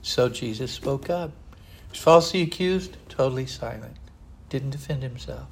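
An older man preaching a sermon in an earnest, rambling way, often pausing on "uh". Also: medium pitch, creaky, a little hiss or hum. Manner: earnest, digressive, frequent "uh" fillers.

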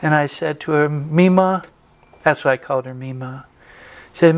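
Storytelling male pastor, higher voice. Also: moderate pace, pauses often. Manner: folksy storytelling with quoted dialogue. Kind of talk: sermon.

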